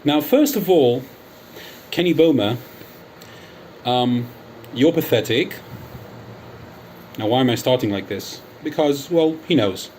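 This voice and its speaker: Man, from the UK, channel host, angry callout monologue, taunting, emphatic, middle pitch, faint background hum. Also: lively intonation, slow pace, pauses often, a little mellow. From United Kingdom. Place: Athens, Greece.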